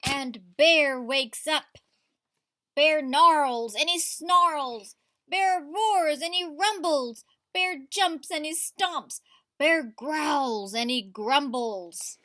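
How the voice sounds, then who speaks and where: A woman teacher reads a picture book aloud to children in a high, bright voice, going slowly and expressively and pausing often to ask them questions. There's a faint hiss or hum in the audio.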